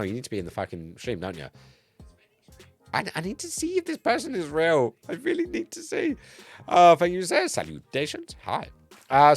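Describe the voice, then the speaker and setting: A man streaming live in casual chat, a bit tipsy, excitable and swearing, swinging between loud outbursts and low mumbles. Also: dry recording. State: tipsy from cider.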